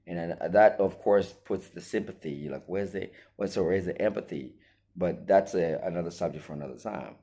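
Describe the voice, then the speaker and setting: Deep-voiced man preaching his opinions. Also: mellow. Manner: emphatic, preachy, rhetorical questions; acts out quoted voices. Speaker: commentator. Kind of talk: opinion monologue on relationships.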